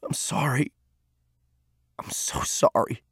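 A man voicing an angry, grieving teenage boy who shouts in strained outbursts. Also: takes it slowly, no room sound, studio quality. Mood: broken whisper.

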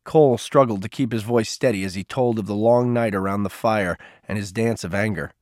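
A man narrating a story aloud in a steady, even reading voice. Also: lowish voice, a little fast, few pauses, no room sound, clean studio sound. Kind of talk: audiobook narration.

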